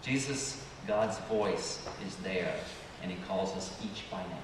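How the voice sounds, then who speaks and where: Priest questioning children in an echoing church. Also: male voice, low voice, a little slow. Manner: asks children questions and waits for their answers; gentle and questioning. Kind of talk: children's sermon. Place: church sanctuary. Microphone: distant room mic. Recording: echoey church hall, distant mic, background noise.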